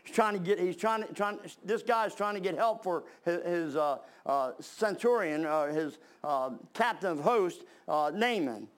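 A man's voice: high-pitched, animated, a little slow, few pauses. A man preaching a sermon, reading scripture aloud and then explaining it in plain talk with fillers and restarts.

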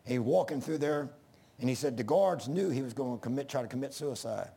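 A man's voice: mid-range voice, a little fast, creaky, mellow, husky. A middle-aged man preaching a sermon in an earnest, folksy way that rises to emphatic bursts.

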